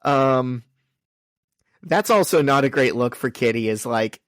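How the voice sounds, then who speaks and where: A man co-hosting a chatty podcast, running through the story and tossing off the characters' lines. His voice sits at an ordinary middle pitch. The recording is dry and close, with no room sound. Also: expressive, no room sound. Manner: reads out comic dialogue in quick summaries. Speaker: podcast co-host. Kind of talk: casual podcast chat recapping a comic.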